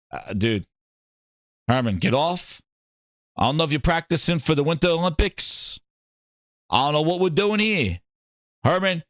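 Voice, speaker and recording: Male gaming host, excitable mocking rant, lively swinging pitch, dry close sound. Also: moderate pace, long pauses, dry recording. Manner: excitable, mocking, laughs and swears. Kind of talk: reacting to clips, rant.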